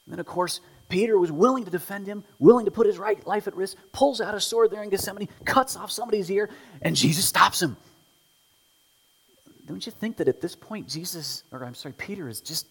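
A man preaching a sermon, telling the story with animated delivery, acting out quotes and dropping to whispers. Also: high-pitched, fairly quick, breathy edge. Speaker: pastor. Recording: long hall reverb.

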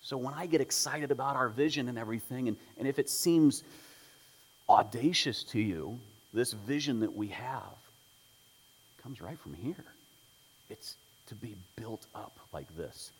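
A man's voice: mid-range voice, animated, a little slow, breathy edge, big-room sound, low-quality recording. A man preaching a sermon as pastor of a church, praying and then explaining a text in a conversational way with humorous asides. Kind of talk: sermon with opening prayer. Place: church sanctuary.

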